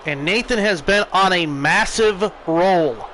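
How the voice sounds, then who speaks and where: Excitable American man calling wrestling. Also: high-pitched, slow, a little hiss or hum, poor audio. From United States. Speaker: streamer. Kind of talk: wrestling play-by-play commentary.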